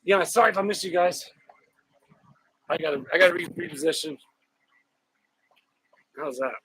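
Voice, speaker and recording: A man hosting a casual outdoor live stream, greeting viewers by name in a chatty, upbeat way with drawn-out shout-outs. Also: sits high, slight background noise, low-quality recording. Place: outdoors on a hot day with a fan.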